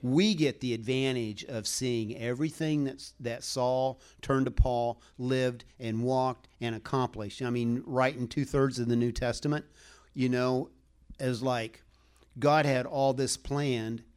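A man's voice: medium pitch, fairly even intonation, a little slow, a little mellow, clean tone. A man preaching a sermon to a congregation in a folksy, rambling way, chuckling as he talks and asking the room for a show of hands.

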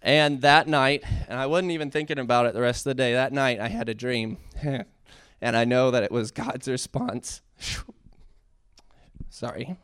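A man sharing an earnest, halting testimony in a church talk that builds into impassioned preaching. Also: medium pitch, fairly even intonation, a bit bright, clean tone, no echo, studio quality. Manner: earnest, halting, with many fillers and restarts. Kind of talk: heartfelt testimony sermon.

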